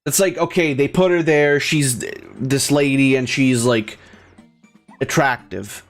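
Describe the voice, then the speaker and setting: A man's voice: medium pitch, takes it slowly, faint music behind. A man doing gameplay commentary in a crude, sarcastic, profane rant. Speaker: let's play host.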